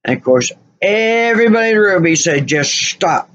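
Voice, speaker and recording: A woman's voice: medium pitch, lively intonation, a little fast, muffled recording. A woman vlogger telling a story casually, rambling and full of "you know" fillers.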